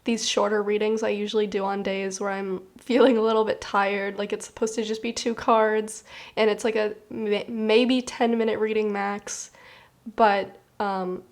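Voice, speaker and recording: A woman's voice: mid-range voice, flat delivery, normal speed. A woman reading tarot cards to camera in a casual, earnest, rambling way, with many "like" fillers. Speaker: tarot reader.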